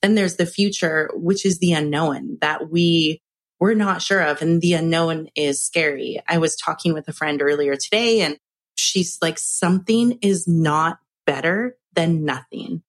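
A woman hosting a podcast, chatting in a quick, enthusiastic and encouraging way. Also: deep voice. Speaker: podcast host. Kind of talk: casual chat.

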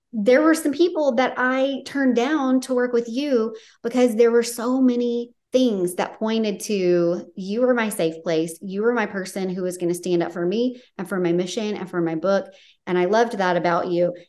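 A woman's voice: fairly high pitch, darkish tone. A woman hosting a podcast interview, gushing with heartfelt praise for her guest and getting emotional. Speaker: podcast host and author. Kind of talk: casual interview chat.

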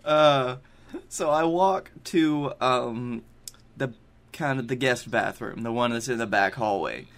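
A young man on a podcast, chatting casually and telling stories with easy swearing. His voice sits at a middle pitch for a man. He talks over a video call. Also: takes it slowly, a bit bright. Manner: storytelling, swearing, laughs often. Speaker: podcast co-host. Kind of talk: casual chat.

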